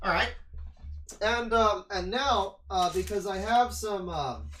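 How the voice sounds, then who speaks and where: A man's voice: high-pitched, animated, slow, fairly bright tone. A man streaming from a home setup with a desk microphone, reacting to videos with exasperated, sweary ranting. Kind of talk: live-stream reaction commentary.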